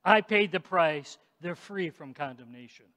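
A preacher putting on a calm courtroom advocate. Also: male voice, fairly high pitch, measured pace, in a large hall. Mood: reassuring.

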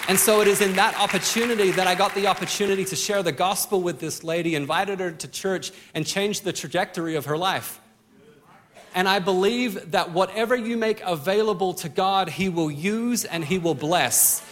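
A male preacher with a fairly high voice delivers a sermon. He tells a personal story and acts out the lines of each person in it. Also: fairly quick, a bit bright, a faint crowd. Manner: storytelling with acted-out quotes. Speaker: pastor.

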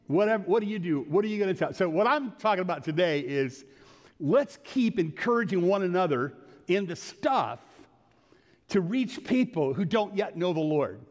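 Folksy high-voiced pastor in a reverberant church. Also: male voice. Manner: folksy, rambling with self-corrections and acted-out dialogue. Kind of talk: sermon. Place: church sanctuary.

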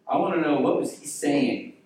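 A male pastor preaching a sermon, telling the story dramatically and dropping to hushed tones for quoted lines, in a large church hall. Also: on the high side, moderate pace, gravelly, slight background noise. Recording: very echoey hall, voice from far off.

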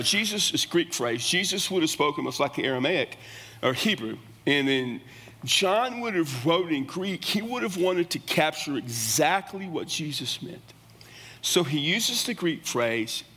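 A man's voice: on the high side, pushed and bright. Earnest male pastor preaching in a hall. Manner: earnest, emphatic preaching with repeated restarts. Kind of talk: sermon. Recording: long reverb of a church hall.

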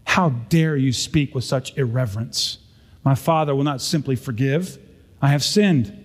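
A man's voice: mid-range voice, unhurried, big-room sound, close to an everyday voice. A man voicing a proud, stubborn younger brother who insists on earning forgiveness, speaking in indignant, insistent declarations.

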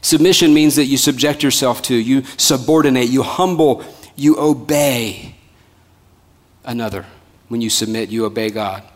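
A man's voice: mid-range voice, normal speed. Male pastor preaching with a ringing hall echo. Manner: rhythmic, repetitive preaching that swings from loud emphasis to soft, hushed lines. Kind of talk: sermon. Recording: long hall reverb.

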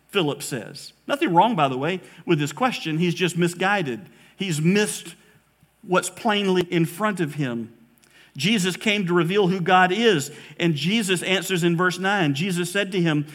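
A man preaching a sermon as a pastor, earnest, slowing down to stress key words and rising sharply when quoting scripture. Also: high-pitched, fairly bright tone. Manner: earnest preaching, slows for emphasis, rises dramatically on quotes.

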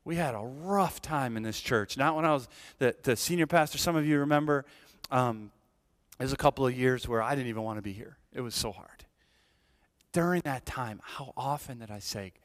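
A man's voice: mid-range voice, normal speed. A man around forty preaching a sermon as senior pastor, earnest, with frequent restarts and repeated words, often asking the congregation "right?".

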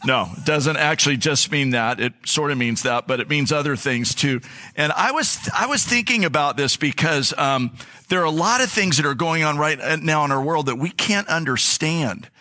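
A man's voice: a little high, animated, moderate pace, pushed and bright. A male pastor giving a conversational sermon. He tells personal stories in an earnest way. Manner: earnest, storytelling, anecdotal.

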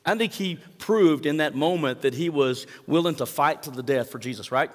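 Animated male pastor in a reverberant hall. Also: normal speed, few pauses. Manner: animated storytelling, acts out quoted lines with rising pitch and volume. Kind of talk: sermon.

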